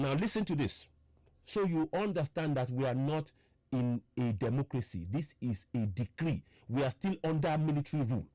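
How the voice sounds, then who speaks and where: A man's voice: a little high, animated, normal speed, a little mellow, dry recording. A man giving an impassioned political talk, repeating points and urging listeners to listen closely. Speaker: political commentator. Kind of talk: impassioned online broadcast talk.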